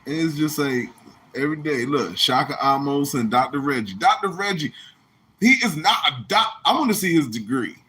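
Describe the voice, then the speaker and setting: Male podcast host, bright, fairly high voice, loose animated rant. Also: moderate pace. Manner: animated, laughs often, mimics others in high shouting voices. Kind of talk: casual ranting monologue.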